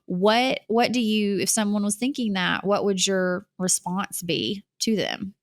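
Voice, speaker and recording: A woman hosting a podcast, asking her guest questions in a gentle, hesitant way. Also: medium pitch, steady tone, unhurried, no echo, clean studio sound. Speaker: podcast host. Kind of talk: interview questions.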